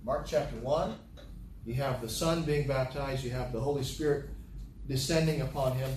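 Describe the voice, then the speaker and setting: Speaking at a moderate pace in a mid-range, darkish voice, a pastor teaches from the Bible, reading scripture and stressing key phrases through repetition. A camera picks him up from afar in an echoey hall, with slight hiss or hum.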